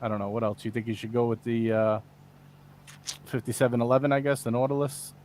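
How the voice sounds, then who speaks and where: A man chatting casually as a guest on a livestream, relaxed and offhand. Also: medium pitch, brisk, a little hiss or hum.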